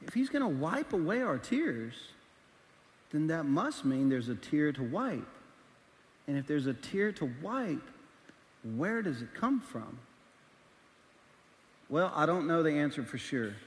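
High-voiced pastor preaching in a big hall. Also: male voice, measured pace, long pauses. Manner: animated, shifts between quiet asides and shouting. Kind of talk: sermon.

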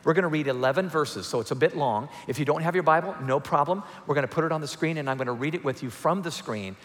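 A man's voice: on the high side, fast, a bit bright. A male pastor giving a sermon in a church, retelling a story in a conversational way with humorous asides. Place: church sanctuary. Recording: long reverb of a large hall.

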